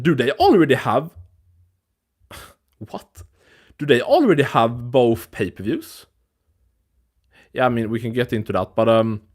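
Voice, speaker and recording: A man hosting a live stream, chatting loosely and thinking out loud. His talk is rambling, full of restarts and casual swearing. His pitch sits in an ordinary middle range for a man. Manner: rambling, loose and profane, with frequent restarts and fillers. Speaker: host of a live MMA news stream.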